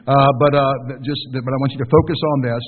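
A man's voice: medium pitch, steady tone, quick pace. A man preaching a sermon to his congregation, conversational and full of questions to the listeners. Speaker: pastor. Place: church sanctuary. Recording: tinny distant recording with long hall reverb.

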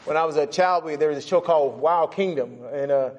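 A man's voice: on the high side, a little fast. A middle-aged man teaching a Bible lesson in a plain, folksy way, repeating phrases for stress and putting questions to his class. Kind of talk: conversational sermon with class questions.

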